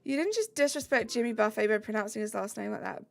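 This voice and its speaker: A woman's voice: a little high, animated, quick pace, vocal fry. A woman streamer chatting casually with her live chat, giggling and teasing herself as she reads messages. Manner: giggly, self-mocking, chatty.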